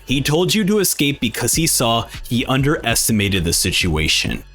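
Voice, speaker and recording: A man voicing a blunt, gruff adult father who lectures his son in a flat, offhand way. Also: mid-range voice, moderate pace, faint music behind, voice pushed down. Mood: stern.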